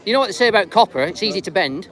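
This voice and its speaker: A high-voiced man rambles and teases passers-by as he films a live street vlog with a handheld camera. He talks outdoors on a busy street. A loud crowd murmurs behind him. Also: lively intonation, rapid-fire. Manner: teasing, rambling, chatty. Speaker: street vlogger filming live. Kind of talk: casual street chat to camera. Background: crowd noise.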